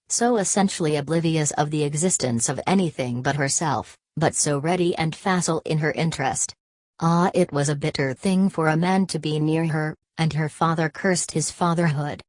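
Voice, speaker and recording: Low-voiced woman reading an old novel, slow and steady, dry close mic. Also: no echo. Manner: measured, steady literary reading. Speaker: audiobook narrator. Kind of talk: scripted narration of a classic novel.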